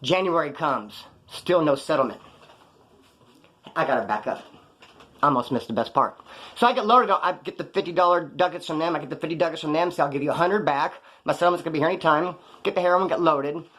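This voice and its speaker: Man, former inmate, brisk streetwise storyteller with a raised voice, blunt and profane. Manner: animated, jumps in pitch for emphasis. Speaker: former prisoner telling his story. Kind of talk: casual first-person storytelling.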